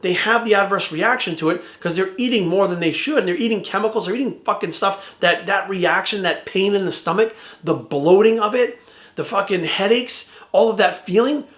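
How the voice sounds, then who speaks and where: A man's voice: sits high, a bit bright. A man, a fitness coach, ranting bluntly to camera with heavy swearing and rhetorical questions. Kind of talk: profane casual rant to camera. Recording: echoey room.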